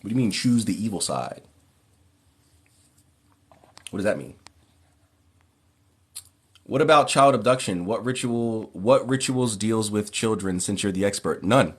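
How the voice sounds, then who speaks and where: A man hosting a casual livestream Q&A who reads viewers' questions aloud and answers in a relaxed, plain way. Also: lowish voice, a little slow, pauses often, slightly rough. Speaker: occult livestream host.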